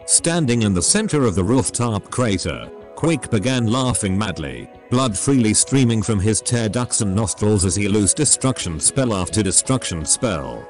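Low synthetic male story narrator. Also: normal speed, faint music behind. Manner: steady machine-read delivery. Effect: synthetic text-to-speech voice.

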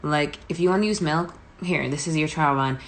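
A woman's voice: low voice, normal speed, echoey room, noisy background. A young woman, a girl group singer, chatting casually with viewers during a live stream from home, rambling with lots of "like" and "you know". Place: indoors at home, near a heater. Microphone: phone.

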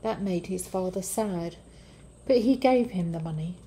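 A woman reading children's Bible stories aloud, taking her time over each line. Her voice is mellow and soft, the reading gentle. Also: lowish voice, unhurried, slight background noise, low-quality recording. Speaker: church story reader.

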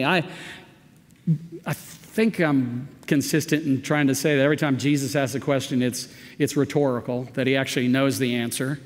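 A man preaching a verse-by-verse sermon as a pastor, talking conversationally and reading the text with emphatic, animated delivery. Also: mid-range voice, normal speed. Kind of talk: expository sermon. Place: church sanctuary. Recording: long church reverb.

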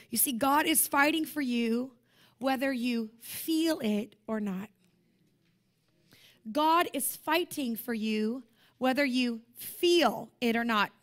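A young woman preaching at a conference, emphatic and animated, with self-deprecating humor. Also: high-pitched. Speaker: conference speaker. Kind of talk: sermon.

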